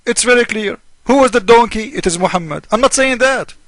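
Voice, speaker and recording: A man's voice: very high-pitched, expressive, a little fast, a bit bright, no room sound. A man delivering a polemical monologue as a religious critic, mocking and argumentative, firing off rhetorical questions.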